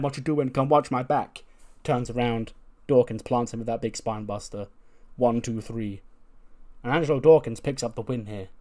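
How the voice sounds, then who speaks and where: A man's voice: medium pitch, darkish tone. A man narrating a wrestling management game in a casual way, laughing often as he improvises stories. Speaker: let's play narrator.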